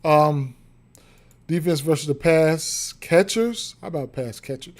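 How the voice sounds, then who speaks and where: A man with a slightly high voice speaks at a measured pace while doing casual livestream sports betting analysis. The streamer rambles with frequent fillers and repeated words, and hiccups keep interrupting him.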